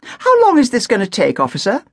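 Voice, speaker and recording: A posh English lady driver in an audiobook, imperious and quick to indignation, as a woman narrator puts her on. Her voice climbs high and swings widely, with a gravelly edge underneath, recorded dry and close. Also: wildly swooping pitch, no echo, exaggerated voice. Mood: impatient. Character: posh irritable middle-aged woman motorist.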